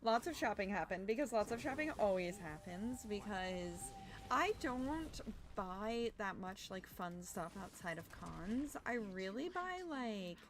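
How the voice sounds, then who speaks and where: A young adult woman streamer chatting casually while gaming, rambling with fillers and sounding a little hoarse as her voice recovers. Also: mid-range voice. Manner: animated greetings to chat. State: slightly hoarse from overuse, recovering.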